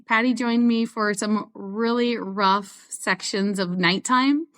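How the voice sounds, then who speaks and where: A guest ultrarunner on an interview show tells stories in a chatty way and laughs often. Her mid-range voice is steady, fairly bright, and slow-paced.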